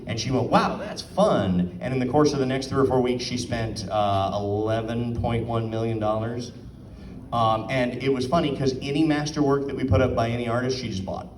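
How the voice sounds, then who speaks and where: This casual presentation to a live audience at an art auction comes from a man with a mid-range, steady, slightly mellow voice who talks a little fast. Chatty, he quizzes the crowd and performs quotes; the distant, off-mic recording has a roomy sound and slight background noise.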